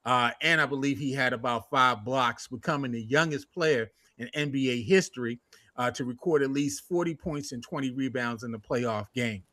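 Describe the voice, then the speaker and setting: A man co-hosting a casual sports talk show, animated and jokey, loose with slang. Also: medium pitch, moderate pace, dry recording.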